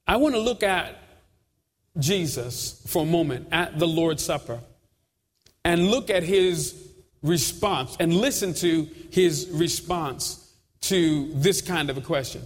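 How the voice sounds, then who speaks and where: A man's voice: fairly high pitch, slow pace. A preaching man echoing in a hall. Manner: steady, emphatic preaching with repeated phrases. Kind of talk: sermon. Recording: long hall reverb.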